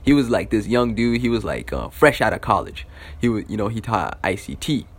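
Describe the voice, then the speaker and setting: Young guy, casual profane storyteller, lots of "you know" and "like", swinging pitch. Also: big pitch swings, a little fast. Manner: loose, profane, filler-heavy.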